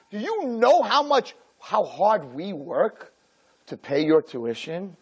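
A man acting out an exasperated parent scolding a child over bad grades, with slow, pleading, guilt-tripping questions. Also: extremely high pitch, voice pushed up, heavily acted.

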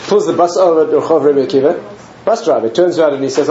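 A man's voice: on the high side, quick pace, slight background noise. A man, a rabbi, telling stories in a humorous lecture and acting out the characters. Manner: animated, acts out the characters, chuckles at his own jokes. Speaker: rabbi giving a talk. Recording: roomy, slightly muffled recording.

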